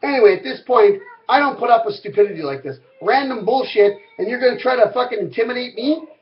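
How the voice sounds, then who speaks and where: High-voiced man ranting, profane and heated. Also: lively intonation, fast talker, muffled recording. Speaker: vlogger. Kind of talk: angry rant to camera.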